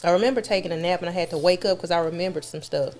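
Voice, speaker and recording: A woman's voice: lowish voice, racing, darkish tone, slight background noise. A woman recounting an experience in casual conversation, effusive and repeating words for emphasis. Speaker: guest describing her experience.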